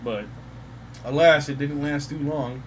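A man's voice: on the high side, steady tone, measured pace, a crowd in the background, low-quality recording. A young man co-hosting a casual podcast, telling stories with lots of swearing. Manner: profane, storytelling. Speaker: podcast co-host. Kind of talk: casual chat.

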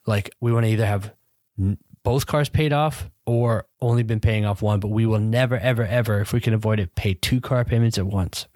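A man co-hosting a casual podcast with his wife, telling stories in a playful, animated way. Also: on the low side, a little fast, dry recording, studio quality. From Central Florida. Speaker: podcast co-host. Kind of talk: casual chat.

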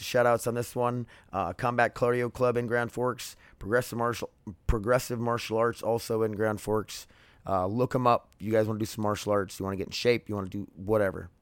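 A man's voice: on the low side, clean tone, no room sound. A man in his thirties hosting his own podcast, talking casually and candidly, rambling with many fillers and restarts. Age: 30s. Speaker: podcast host. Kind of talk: casual solo podcast monologue.

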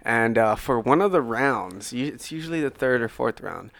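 A man who teaches jiu-jitsu, a guest on a podcast, talking in a laid-back, unhurried way. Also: medium pitch, lively intonation, gravelly, a bit bright, no echo. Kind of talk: casual podcast conversation.

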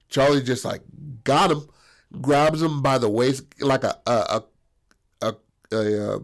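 A man telling a story in casual chat, profane and animated, acting out the voices. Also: medium pitch.

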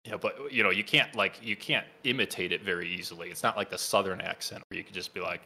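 A man's voice: low voice, quick pace, gravelly, pushed and bright. A man chatting casually on a podcast, telling wry, rambling stories. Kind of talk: casual chat.

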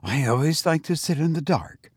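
Male reader playing a timid, frightened sister; husky, slow. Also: mid-range voice, big pitch swings, mellow, no echo, clean studio sound, pitched above the performer's own voice, heavily acted. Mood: pleading. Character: frightened timid adult woman.

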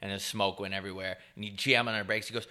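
Bright-voiced young guy swapping stories. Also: fairly low pitch, steady tone, quick pace. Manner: profane, laid-back storytelling with mimicked voices. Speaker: podcast co-host. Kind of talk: casual chat.

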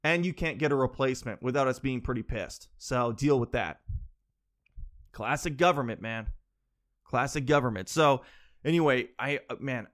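A man doing a stand-up comedy monologue, telling a rambling, animated story with quick asides. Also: mid-range voice.

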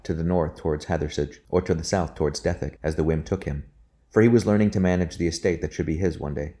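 A man reading a historical novel aloud as an audiobook narrator, in a measured, even storytelling manner. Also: deep voice. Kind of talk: scripted narration.

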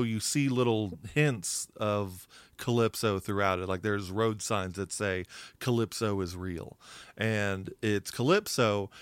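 A man with a low, smooth, resonant voice co-hosts a podcast in a casual chat, explaining at length with plenty of fillers and restarts. He is recorded dry and close, with no room echo. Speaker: podcast co-host.

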